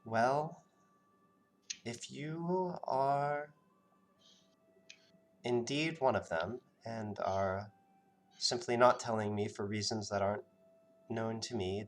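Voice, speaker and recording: A man voicing a guarded, cautious village woman in a tabletop role-play, hesitant and rushed in her speech. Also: lowish voice, voice pushed up.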